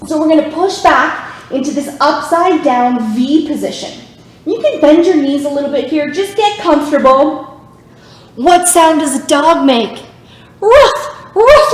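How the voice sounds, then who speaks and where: A youth yoga instructor with a high, slightly mellow voice leads a children's class, cheerful and encouraging. She makes animal sounds to guide the kids through poses, and the room is very echoey.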